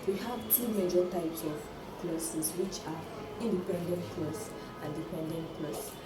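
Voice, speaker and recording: A woman teacher slowly explaining a grammar point in a deliberate way. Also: on the low side, fairly even intonation. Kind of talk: classroom lesson. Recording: echoey room from far off, music behind.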